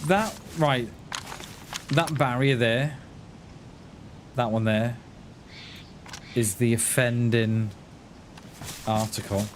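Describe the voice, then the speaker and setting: Guy rambling on a game stream, middle pitch, keeps restarting, noisy game audio behind. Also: fairly even intonation, drawn-out words, long pauses. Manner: rambling, thinking aloud with frequent restarts and chuckles. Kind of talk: casual live-stream chat while gaming.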